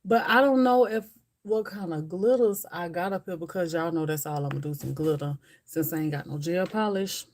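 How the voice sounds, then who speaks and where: A woman's voice: on the low side, normal speed, darkish tone. Chatty woman livestreaming to her viewers. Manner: chatty, rambling, talks straight to viewers. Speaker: livestream host. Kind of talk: casual chat with live viewers.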